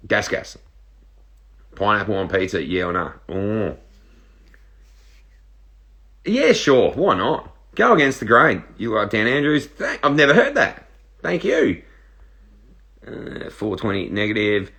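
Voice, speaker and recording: A relaxed Australian man in his thirties chats through a live Q&A, reading out questions and tossing off joking answers. His voice sits fairly low but has a bright, forceful edge. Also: vocal fry. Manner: laid-back and joking, reads questions aloud and answers. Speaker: reality show contestant answering live viewer questions. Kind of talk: casual live-stream Q&A.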